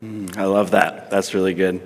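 A man's voice: deep voice, level tone, moderate pace, big-room sound. A man co-hosting a podcast who chats casually in a friendly, teasing and affirming way. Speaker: podcast co-host. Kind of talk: casual chat.

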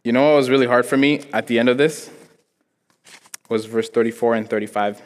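A man's voice: medium pitch, steady tone, a little fast. A young man preaching a sermon in a church, telling stories casually with lots of "like" fillers. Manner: casual, storytelling, frequent "like" fillers, acts out quotes. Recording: long reverb in a church hall.

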